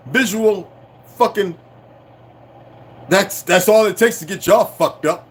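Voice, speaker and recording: A man in an unscripted rant to his audience, cursing freely and challenging anyone who disagrees. His delivery lurches from raised, almost shouted bursts down to quiet asides under his breath. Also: high voice, a little hiss or hum. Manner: profane, confrontational, swings from shouting to muttering. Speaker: channel host.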